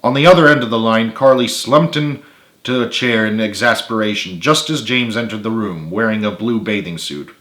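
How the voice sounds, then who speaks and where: A man, the author, narrating his own book in a steady read-aloud. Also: on the low side, moderate pace, reverberant.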